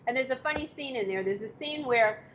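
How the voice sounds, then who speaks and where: A woman in her fifties casually telling behind-the-scenes stories from her film work, acting out quotes with sudden high exclamations. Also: brisk, fairly bright tone. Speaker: martial arts actress telling set stories. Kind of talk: casual storytelling interview. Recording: slightly dull audio with faint background noise.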